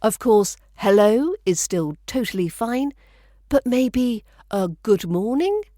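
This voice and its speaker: A woman's voice: a little high, lively intonation, takes it slowly, mellow, no room sound, clean studio sound. A woman with a British accent giving a scripted pronunciation lesson, speaking carefully and repeating each phrase as a model. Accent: British English. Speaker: accent coach.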